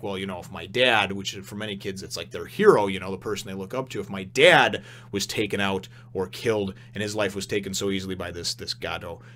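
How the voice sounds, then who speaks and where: A man recapping a comic chapter in a loose, rambling way. He restarts often and acts out the characters' lines as he goes. His voice sits in a middle pitch range. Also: a bit bright. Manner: rambling, with many restarts and fillers; retells the scenes with quoted dialogue. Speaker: manga reviewer and host.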